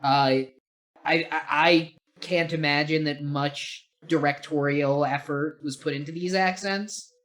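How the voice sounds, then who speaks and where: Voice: mid-range voice, fairly even intonation, unhurried, fairly bright tone. A podcast co-host in casual film review chat, rambling and opinionated, swearing casually.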